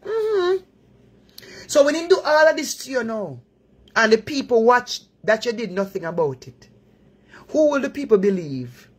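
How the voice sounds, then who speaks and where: A woman's voice: fairly high pitch, animated, normal speed, breathy edge. A Jamaican woman hosting a live stream, giving earnest moral advice in patois-laced talk. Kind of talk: preachy live chat.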